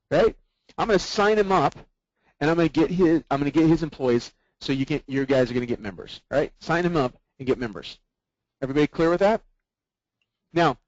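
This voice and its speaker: A man's voice: a little high, a little mellow, no echo, lo-fi sound. Man coaching a sales team by webinar. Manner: keeps checking in with the group through rhetorical questions. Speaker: sales trainer.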